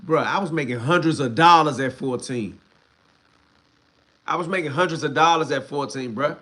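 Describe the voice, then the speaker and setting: A man's voice: moderate pace, sharp tone. Blunt, heated man ranting on a livestream. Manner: blunt, heavy swearing, street slang; heated, rises in pitch when worked up. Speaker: livestream host.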